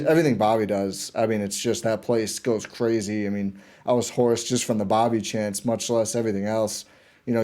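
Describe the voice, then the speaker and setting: A man guesting on a sports podcast, talking like an excited fan and often restarting his sentences. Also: mid-range voice. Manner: enthusiastic fan, rambling with restarts. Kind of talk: casual sports chat.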